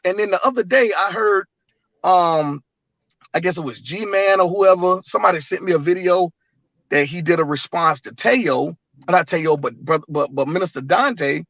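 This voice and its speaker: A man with a high-pitched voice makes his points emphatically and in a preachy way. The audio is dull and lo-fi, and it sounds dry and close. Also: moderate pace, a bit bright, no room sound. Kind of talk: casual online discussion.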